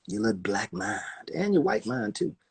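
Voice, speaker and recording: A man talking casually on a phone livestream, animated and profane, acting out other people's voices as he goes. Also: lowish voice, normal speed, creaky, husky. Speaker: livestream host.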